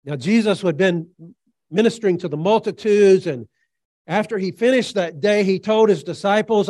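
A man preaching a sermon in an earnest, halting way, with frequent fillers, retelling scripture as a story. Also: high voice, darkish tone, no echo, studio quality.

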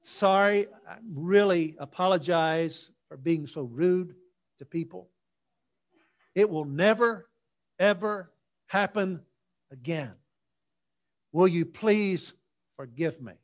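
A man voicing a once-rude pet parrot that now begs forgiveness in a slow, pleading apology. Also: high voice. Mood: contrite.

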